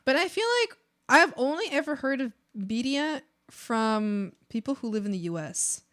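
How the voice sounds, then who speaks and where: A woman's voice: sits high, lively intonation, normal speed, fairly bright tone. A young woman with an American accent, a native Spanish speaker, chatting casually as a streamer while drawing. She rambles along with lots of fillers and restarts.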